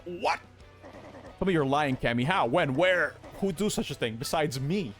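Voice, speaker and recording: A man voicing a blustering, hot-tempered turtle king villain who shouts and bosses his servants around. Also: a little high, animated, moderate pace, soft background music, pitched above the performer's own voice. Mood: furious. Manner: shouting, indignant and bossy.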